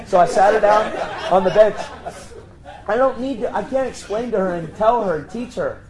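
A man preaching, telling a story and acting out the voices of the people in it with sudden high jumps in pitch. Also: fairly quick, crowd noise, poor audio. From Pennsylvania. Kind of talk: storytelling sermon.

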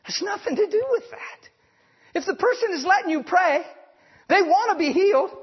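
A man preaching a sermon in a folksy, fast-talking way, chuckling and acting out the voices in the stories. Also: extremely high pitch, animated. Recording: muffled, echoing hall.

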